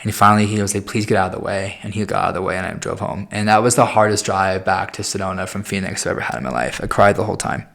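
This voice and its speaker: Low-voiced young man, candid podcast monologue. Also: rapid-fire, gravelly, few pauses, a bit bright. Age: 20s. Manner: candid, emotional, swears freely. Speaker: podcast host.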